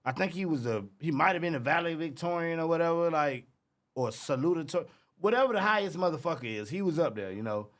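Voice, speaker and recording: A male comedian telling stories in a loud, animated and profane way, laughing often. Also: fairly high pitch, fast. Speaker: comedian guest. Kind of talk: casual chat.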